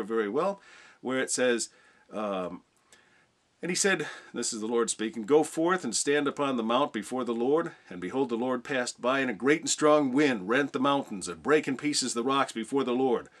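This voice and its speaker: A man's voice: mid-range voice, a bit bright. A man teaching informally on a Bible passage, reading scripture aloud and asking rhetorical questions.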